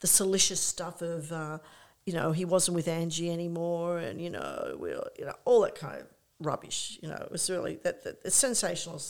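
An older woman, a guest in an interview who tells lively stories, acts out her own past thoughts and often says "you know". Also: fairly low pitch, moderate pace, gravelly. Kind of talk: conversational anecdote.

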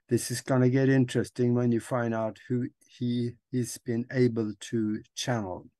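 A man's voice: medium pitch, darkish tone, no room sound, studio quality. A man hosting an interview show, speaking straight to the audience as he sets up a guest segment. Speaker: host.

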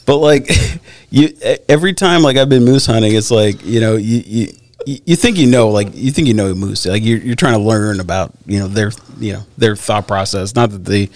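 A man's voice: lowish voice, normal speed, darkish tone. Rambling laughing man swapping hunt stories. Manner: rambling, laughs often, many fillers. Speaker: hunter telling stories. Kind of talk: casual storytelling chat.

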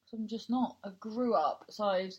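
A woman's voice: mid-range voice, normal speed, a little mellow, muffled recording. A woman in her twenties with a Cornish accent, hosting a podcast in rambling, casual chat full of tangents. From Cornwall, England. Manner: chatty, rambling, prone to tangents. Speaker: podcast host.

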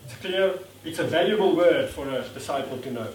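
A man gives a sermon in a church hall. He talks conversationally, with a lively, high-leaning voice that he swings widely as he acts out quotes. He is recorded from a distance in a roomy space with faint background noise. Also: brisk. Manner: self-deprecating, laughs at himself. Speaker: preacher. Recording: echoey room from a distance.

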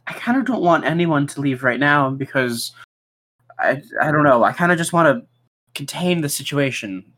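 A player improvising in character during a tabletop game, flustered and halting. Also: medium pitch, expressive, a bit bright.

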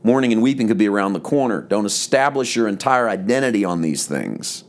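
A man, a pastor, giving a conversational devotional podcast teaching, slowing down to stress key words. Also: lowish voice, expressive.

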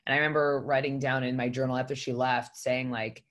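A woman's voice: a bass voice, little pitch movement, a little fast, hardly any pauses, a bit bright. A woman guest on a podcast, telling her story in a candid, rambling way and swearing for emphasis. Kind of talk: casual podcast conversation.

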